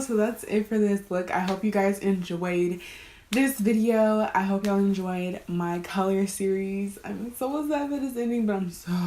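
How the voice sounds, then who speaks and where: A young woman from Houston, chatting excitedly through a makeup tutorial and sometimes dropping to a whisper. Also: fairly low pitch, roomy sound, slight background noise. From Houston, Texas. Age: young adult. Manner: excitable, exclamatory, often drops to a whisper. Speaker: beauty vlogger. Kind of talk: casual makeup tutorial chat. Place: bedroom at home, at night.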